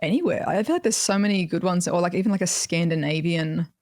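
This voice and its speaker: A woman's voice: fairly low pitch, a little fast, a little mellow, dry recording. Bubbly Australian woman, chatty and dry. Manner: bubbly, laughing often, rambling with fillers. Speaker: guest. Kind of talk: casual podcast chat.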